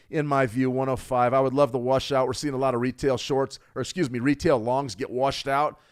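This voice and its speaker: A man hosting a live trading stream, giving energetic market commentary, repeating key phrases for emphasis and answering viewers' chat. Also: medium pitch, brisk, few pauses, clear, resonant tone. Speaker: trading livestream host.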